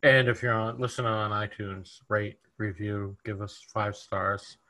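A man's voice: lowish voice, fairly even intonation, a little slow, pushed and bright. A man co-hosting and producing a casual podcast, easygoing and joking.

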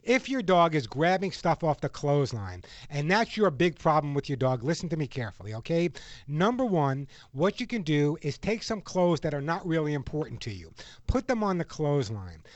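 A man's voice: on the high side, big pitch swings, moderate pace, dry recording, muffled recording. A man hosting a radio pet show, giving callers advice in a jokey way and laughing often.

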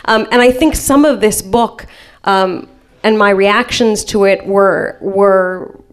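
A woman's voice: mid-range voice, takes it slowly. A woman from the United States, a guest on a live panel, talking in a chatty way with laughs between phrases.

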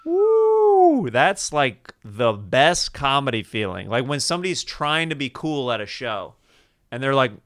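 A man's voice: mid-range voice, lively intonation, moderate pace, bright, forceful tone, clear, resonant tone, no echo, clean studio sound. A man hosting a podcast, telling loose comic stories in casual chat. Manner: chatty, loose comic storytelling. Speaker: podcast host.

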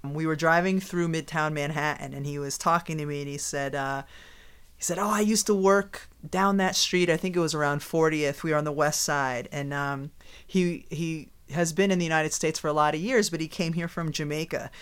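A middle-aged woman co-hosting a podcast, telling stories in a lively, laughing way. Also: low-pitched, fairly quick, smooth. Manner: animated storyteller, laughs often. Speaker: podcast co-host. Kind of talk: casual chat.

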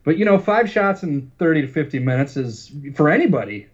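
Podcast dude rambling and stalling, lots of uh and you know, muffled lo-fi audio. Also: male voice, on the high side, very animated. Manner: rambling, halting, full of fillers. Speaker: podcast co-host. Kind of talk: casual podcast banter.

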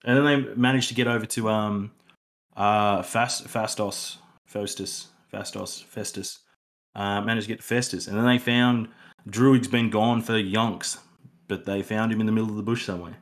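Rambling man, low voice. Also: steady tone, moderate pace. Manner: rambling, lots of fillers and restarts. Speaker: podcast co-host. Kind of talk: casual film review chat.

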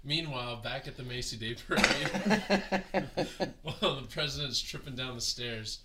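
A man's voice: mid-range voice, expressive, measured pace, very noisy. A man improvising an absurd comedic story on a podcast, laughing as he rambles. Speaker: podcast co-host.

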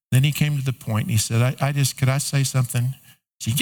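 Pastor, middle-aged man, mid-pitched voice, chatty sermon delivery with punchy rhetorical questions. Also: brisk, darkish tone. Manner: conversational preaching with rising emphatic questions.

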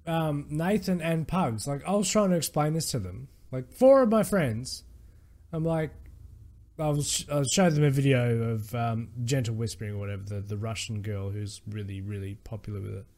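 Rambling, animated man co-host. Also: mid-range voice, moderate pace. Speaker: podcast co-host. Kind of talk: casual chat.

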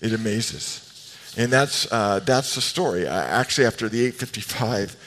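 A male pastor giving an animated, emphatic sermon with playful asides. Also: lowish voice, normal speed, slight background noise. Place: church sanctuary. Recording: long reverb of a large hall.

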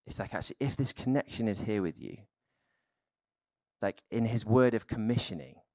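A man preaching a sermon in a relaxed, conversational way, with many fillers and restarts. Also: on the low side, normal speed, creaky, no echo, studio quality.

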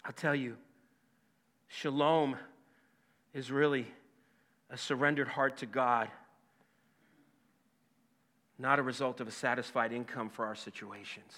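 A man in his fifties preaching a sermon, emphatic and impassioned, then dropping to a hushed voice for a personal story. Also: mid-range voice, steady tone, measured pace, pauses often. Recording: long hall reverb.

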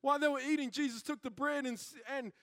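High-voiced animated preacher. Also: male voice, fast talker, dry recording, studio quality. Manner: animated storytelling, acting out quoted characters. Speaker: pastor. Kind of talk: sermon.

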